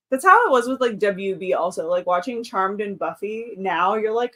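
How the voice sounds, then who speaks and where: A woman's voice: medium pitch, lively intonation, fairly quick, a bit bright. Brief: woman, 30s, livestream host, casual and chatty, mid-range voice. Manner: chatty, reads out chat comments, frequent laughs. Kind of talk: casual live-stream chat.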